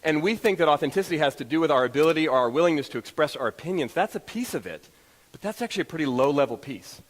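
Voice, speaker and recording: A man giving a motivational talk to an audience, telling stories in an animated, self-deprecating way. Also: fairly high pitch, fast, in a large hall, rough recording. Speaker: motivational speaker. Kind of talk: storytelling keynote talk to an audience.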